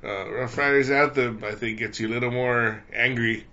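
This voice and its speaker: A man co-hosting a podcast in casual chat, opinionated and animated. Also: mid-range voice, normal speed, lo-fi sound. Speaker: podcast co-host.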